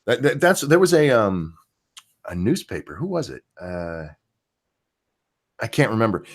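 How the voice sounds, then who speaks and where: A man with a lowish voice hosts a casual talk show. His pitch swings widely as he rants, and he swears freely and rambles between points. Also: a little slow. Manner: animated, profane, rambling. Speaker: podcast host. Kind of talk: casual opinion chat.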